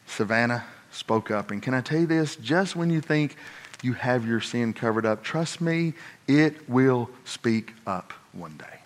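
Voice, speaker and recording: A man preaching a sermon, telling a personal story, moving between hushed asides and loud, emphatic points. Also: medium pitch. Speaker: pastor.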